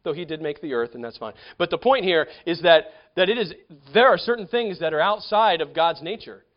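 A man preaching a conversational sermon as pastor, restarting phrases and swinging between loud emphatic points and quiet asides. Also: fairly high pitch, expressive, brisk, muffled recording.

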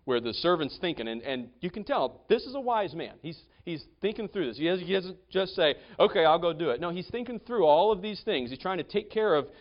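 A man's voice: high voice, lively intonation, fairly quick, hardly any pauses. A man preaching in a conversational way, teaching through a Bible passage and adding folksy everyday asides. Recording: dull lo-fi sound.

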